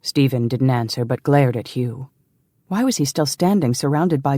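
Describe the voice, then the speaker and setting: Reading scripted narration, a man tells a historical romance story at a calm, even pace. He speaks at a medium pitch, and the studio-quality audio has no echo.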